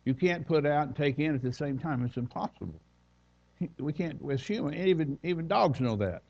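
A man's voice: on the high side, lively intonation, moderate pace, vocal fry, a little mellow. Folksy male preacher, dull recording. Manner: folksy, conversational preaching with asides. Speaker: guest preacher. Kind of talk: sermon. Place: church.

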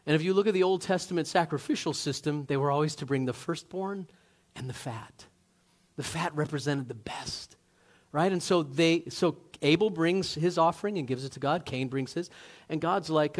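Higher-voiced man preaching conversationally. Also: normal speed. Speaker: pastor. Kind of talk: sermon.

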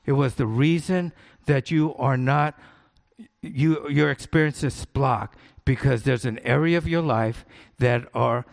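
A man's voice: medium pitch, creaky. A middle-aged man, a pastor, preaching a sermon in an earnest, conversational way, repeating his key points for emphasis.

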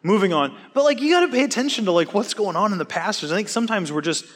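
A man teaching a Bible study class, asking the class questions and cracking jokes between points. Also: sits high. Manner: animated, joking, quick asides, questions to the class.

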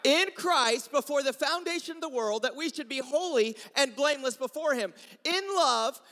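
A man preaches with a very high, bright, forceful voice. He tells the story with lively acted-out voices and swings between loud calls and hushed lines. A long church reverb hangs behind him. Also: normal speed. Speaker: pastor. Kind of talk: sermon. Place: church sanctuary.

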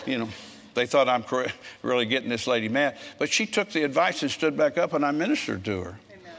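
A man preaching a sermon in a church, telling folksy stories in a frisky, forceful way. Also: medium pitch, expressive, a little fast, creaky, big-room sound.

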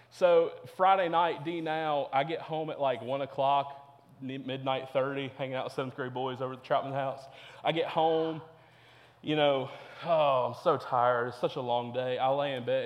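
A man's voice: medium pitch, in a large hall. A young man preaching a sermon to teenagers as a youth pastor, earnest and repetitive. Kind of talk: sermon to teens.

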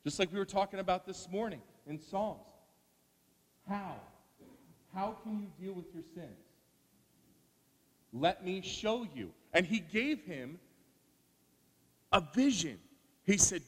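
A man preaching a sermon, animated and asking rhetorical questions, acting out the voices he quotes. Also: high-pitched, unhurried, long pauses, breathy edge, long reverb tail.

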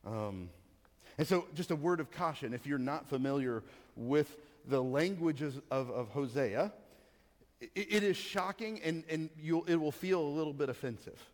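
Man, pastor, sermon, rambling and animated, fairly high voice, long church reverb. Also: normal speed. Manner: animated, rambling storyteller with many fillers. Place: church hall.

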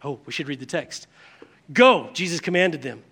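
A man preaching with a high, bright, forceful voice. He tells the story in an animated way, acting out the scenes and moving between loud outbursts and hushed remarks. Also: brisk, breathy edge. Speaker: pastor. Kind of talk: sermon.

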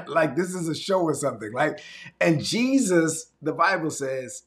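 A man's voice: a little high, expressive, unhurried. A man preaching a sermon as pastor, conversational and emphatic with dramatic swings.

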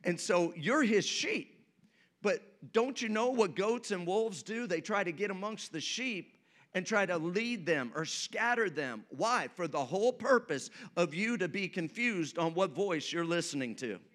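Male pastor, high bright voice, sermon delivery with call-and-response and humor. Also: lively intonation, unhurried.

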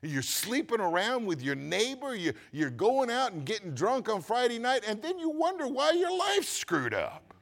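A pastor preaching a sermon, swinging from quiet asides to loud, emphatic lines. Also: male voice, very high voice, big pitch swings, normal speed, vocal fry, few pauses.

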